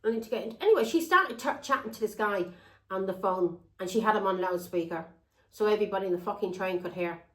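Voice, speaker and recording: A blunt woman rambles through a personal story to her viewers, swearing without a second thought. Her voice sits at an ordinary middle pitch. The room around her rings with a noticeable echo. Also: animated, fast talker, a bit bright. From England. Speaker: tarot reader.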